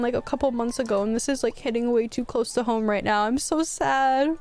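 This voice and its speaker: A woman's voice: high-pitched, steady tone, a little fast, few pauses, a little mellow, clear, resonant tone. A young woman casually commenting on her gameplay, chatty and emotional, talking straight to her viewers. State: tearful, near crying. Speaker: gaming YouTuber.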